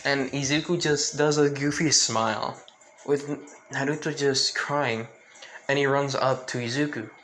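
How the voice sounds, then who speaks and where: A man's voice: mid-range voice, steady tone, measured pace, fairly bright tone, a little hiss or hum, low-quality recording. Man rambling through a fan story. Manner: rambling with fillers and restarts. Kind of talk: improvised fan story narration.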